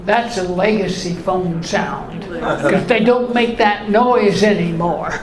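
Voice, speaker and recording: A man in his eighties doing stand-up in a comedy club, telling deadpan one-liners in a voice left high by voice surgery. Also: slow. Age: 80s. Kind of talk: stand-up routine. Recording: echoey club with room noise.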